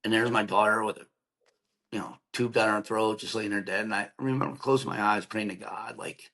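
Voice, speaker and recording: Guy in his 30s on a podcast, telling a rough story, keeps restarting, low voice but bright and punchy. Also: fairly even intonation, low-quality recording. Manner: emotional, halting, with repeated restarts. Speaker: podcast guest. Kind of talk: personal storytelling in an interview.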